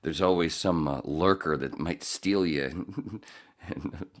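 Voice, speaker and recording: A man's voice: sits low, takes it slowly. A man hosting a podcast in casual chat, joking, rambling and swearing freely. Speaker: podcast host.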